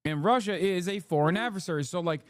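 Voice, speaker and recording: A man's voice: high voice, fast, dry recording, studio quality. A young man streaming, ranting casually with sarcastic, profane mockery.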